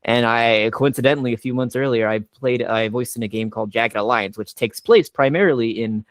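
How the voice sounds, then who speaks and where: A man's voice: medium pitch, fairly quick, no room sound. A young adult man, a voice actor on a panel, telling stories casually with lots of "like" and restarts. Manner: animated, filler-heavy retelling. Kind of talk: casual storytelling.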